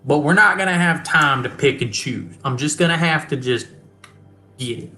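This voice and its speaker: A game master voicing a foul-mouthed male starship mechanic who swears freely and speaks in plain, folksy grammar. The voice swings widely in pitch, carries a bright edge, and sits in a roomy, echoing space. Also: animated, moderate pace. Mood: gruff. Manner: blunt, profane, folksy grammar. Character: gruff crude male starship mechanic, fiercely protective of a classic ship. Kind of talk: tabletop role-play, game master voicing a character.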